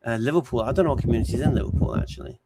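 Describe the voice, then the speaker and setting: A man answers his viewers' questions on a livestream. His voice is gravelly, and a steady hiss of background noise runs under it. He talks in a loose, unhurried way, stopping often to think before he answers. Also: medium pitch. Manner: relaxed and hesitant, with many ums and restarts. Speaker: livestream host. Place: home streaming setup.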